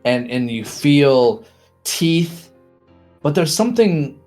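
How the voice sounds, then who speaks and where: A man narrates a tabletop role-playing game as its storyteller. He lingers on words and drops into hushed pauses to build suspense. Faint music plays behind him. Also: fairly high pitch, very animated.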